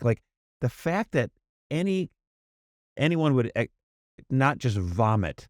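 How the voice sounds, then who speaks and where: A man co-hosts a casual podcast, animated and exasperated, and his voice sits at a middle pitch. The sound is dry and close, with no room around it. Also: unhurried, pauses often, no room sound. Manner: animated, exasperated, mocking voices when quoting. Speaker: podcast co-host. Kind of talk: casual political chat.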